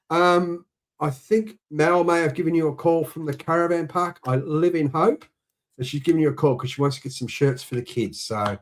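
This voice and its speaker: Chatty Australian man, slightly high voice. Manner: chatty, reading out viewer shout-outs. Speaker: livestream co-host. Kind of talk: casual chat.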